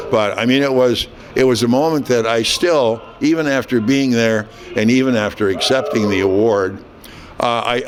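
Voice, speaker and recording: A man in his eighties, a veteran hockey broadcaster, telling a lively story in an interview. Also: fairly low pitch, background noise. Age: 80s. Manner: animated anecdote teller, quoting others.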